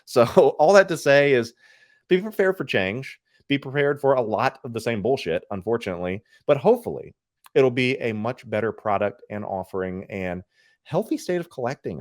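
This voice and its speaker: A man talking casually as a podcast co-host, opinionated and animated, with his pitch swinging up and down. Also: dry recording, studio quality. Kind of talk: casual chat.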